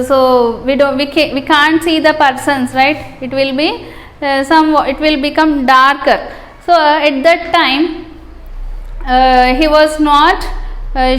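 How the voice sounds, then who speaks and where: A woman with a Telugu-influenced Indian English accent, tutoring an English lesson, defining each word and checking in with her students. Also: high voice. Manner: explains each word, repeats, checks with "right?". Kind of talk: classroom explanation of a story.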